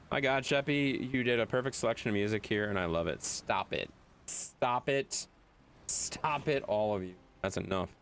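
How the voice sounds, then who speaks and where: A game streamer chatting casually with viewers, loose and jokey, swearing freely. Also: mid-range voice. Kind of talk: casual live-stream chat.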